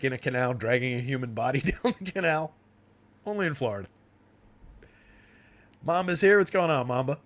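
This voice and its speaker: A young man hosts a fantasy sports livestream in an easygoing, rambling way. He laughs often and fills pauses with ums and likes. His voice sits at an ordinary middle pitch. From New Jersey. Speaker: fantasy sports stream host. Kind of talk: casual livestream chat.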